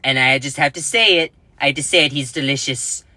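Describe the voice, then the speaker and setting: A man's voice: mid-range voice, brisk, pushed and bright, dry recording. A man hosting a casual political commentary livestream, chatty and jokey, giggling at his own jokes and reading out the news. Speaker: livestream host.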